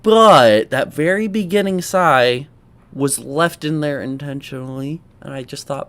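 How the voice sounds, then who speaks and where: A man's voice: on the high side, measured pace, a little hiss or hum. A young man hosting a reaction commentary, talking casually, exclaiming and joking with his viewers. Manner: animated, exclaiming, sarcastic asides. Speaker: commentary host.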